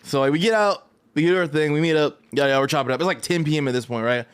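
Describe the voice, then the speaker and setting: Guy ranting on his vlog, kinda high voice, slangy and cussing, lots of "right?". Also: very fast, clear, resonant tone. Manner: animated, profane, slangy ranting; loose, rambling delivery with frequent "right?". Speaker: fighting game vlogger. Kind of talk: casual storytelling vlog.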